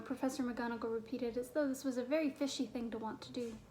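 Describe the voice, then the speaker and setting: A woman narrates a children's fantasy novel in a clear, steady storytelling voice. Her pitch sits high, with a faint hiss in the background. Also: quick pace, hardly any pauses. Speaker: audiobook narrator.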